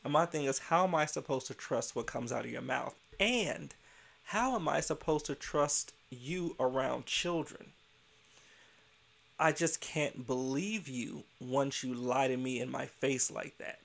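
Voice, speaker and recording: A man with a gravelly, fry-edged voice at a medium pitch tells a story from his job as a childcare director. He talks casually and bluntly and acts out each side of the conversation. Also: unhurried. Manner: animated, acts out dialogue, blunt.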